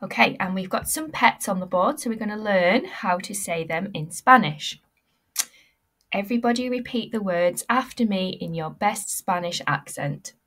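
A woman teacher giving a recorded language lesson, modelling words slowly and clearly for pupils to repeat. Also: medium pitch, lively intonation, a bit bright.

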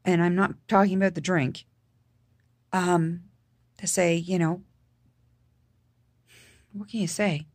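Canadian woman, lowish voice, halting emotional storytelling, lots of ums, dry close sound. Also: fairly even intonation, dry recording. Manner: halting and emotional, with many fillers and restarts. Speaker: vlogger. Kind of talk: personal storytelling.

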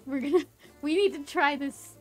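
A woman streamer commentating her own gameplay, excitable and panicky, laughing often. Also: high-pitched, moderate pace, soft background music. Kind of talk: live game commentary.

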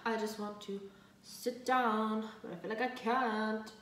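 A young woman from Dublin, Ireland, vlogs casually while cooking in her home kitchen, chatting away in a light Dublin Irish accent. Her voice is on the high side, steady and sharp, at a normal speed, though she's far from the mic and slightly off it, so the kitchen sounds echoey. She rambles, mocks herself, and swears freely.

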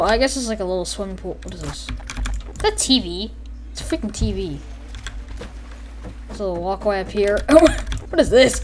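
A woman talks through her own computer gameplay, exclaiming and giggling at whatever pops up. Her voice sits a bit high and jumps up and down in pitch all the time. A faint hiss sits under the desk mic. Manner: excitable, exclaims and giggles often. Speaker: gameplay commentator. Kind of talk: casual gameplay commentary.

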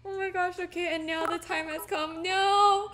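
A woman with a high, light voice chats through a live stream as she paints. She swings into playful, mock-tearful melodrama. Soft music plays faintly behind her. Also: steady tone, normal speed. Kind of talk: casual live-stream chat while painting.

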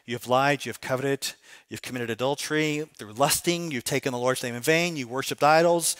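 A man's voice: mid-range voice, brisk, a bit bright, clean tone. A middle-aged man, a pastor, preaching a sermon in a conversational way and often asking the congregation rhetorical questions. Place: church sanctuary.

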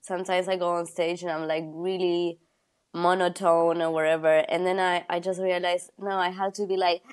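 Laughing woman comedian guest, lowish voice. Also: level tone, normal speed, clear, resonant tone. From Argentina. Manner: laughs often, hesitant, searching for words. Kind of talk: casual chat.

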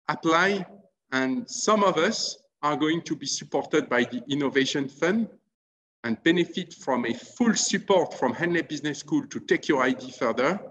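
A man with a French accent, pitched a little high, announces a fund at an online event and keeps urging his listeners to sign up. His voice rings with a long room echo, and a faint hum of noise sits behind it. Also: a bit bright. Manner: earnest, repeats pleas and thanks. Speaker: webinar presenter announcing an alumni fund. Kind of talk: formal announcement speech.

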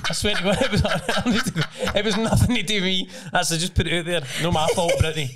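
Fast-talking comedian telling stories. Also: male voice, high-pitched, fairly even intonation, a bit bright. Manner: fast, laughing anecdotes. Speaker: guest comedian. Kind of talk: casual storytelling. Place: podcast studio.

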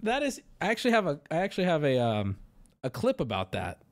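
Loud reactive male streamer. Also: a little high, wildly swooping pitch, quick pace. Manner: loud and reactive, swings from mumbling to shouting. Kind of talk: casual live-stream commentary.

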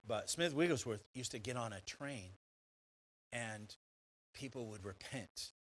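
Animated male pastor preaching a sermon. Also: mid-range voice, unhurried, a little hiss or hum, low-quality recording. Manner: animated preaching with rhetorical questions and repeated restarts. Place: church sanctuary.

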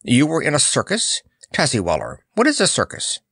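Man doing a shrill, furious hoarse monarch. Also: huge pitch swings, fairly bright tone, no echo, clean studio sound, heavily acted. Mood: curious. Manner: screaming, drawn-out outbursts. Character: furious hoarse male monarch, childish tantrums.

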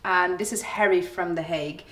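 A woman's voice: lowish voice, normal speed, fairly bright tone, roomy sound, low-quality recording. A woman guiding a tasting tour in a distillery museum, explaining its history and listing flavours in a storytelling way. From Netherlands. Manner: explanatory, storytelling, lists products.

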